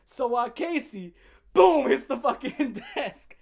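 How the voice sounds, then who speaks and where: A woman's voice: sits high, lively intonation, vocal fry, darkish tone. A woman hosting a comedic commentary rant, blunt and profane with heavy slang. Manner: blunt, fast-shifting, heavy swearing and slang. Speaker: commentary channel host.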